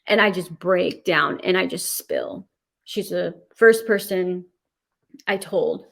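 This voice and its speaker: A woman giving personal testimony in an interview, emotional and halting, with frequent restarts. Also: on the low side, gravelly. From California. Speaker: interview guest.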